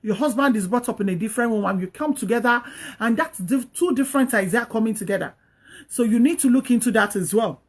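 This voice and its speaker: A woman with a slightly high, slightly rough voice talks fast, giving an online audience casual marriage advice. She's preachy and earnest, repeating herself and acting out the words partners should say.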